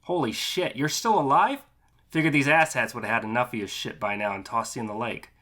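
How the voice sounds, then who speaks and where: A man voicing a brash, crude middle-aged male trucker with a heavy Boston accent, loud and boisterous. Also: lowish voice, fast talker. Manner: loud, boisterous, foul-mouthed.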